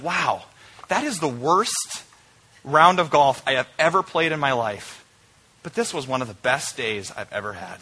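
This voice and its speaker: A young man preaching from the pulpit, his voice bright and a little higher than most men's. He tells a personal story with energy, then drops into quiet, earnest reflection. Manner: storytelling, shifting between loud animated bursts and quiet earnest reflection. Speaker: pastor.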